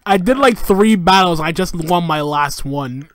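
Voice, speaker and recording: A man's voice: sits high, a little slow, a crowd in the background. A man hosting a voice call with friends, chatting casually, often laughing and teasing. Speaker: host recording a voice call.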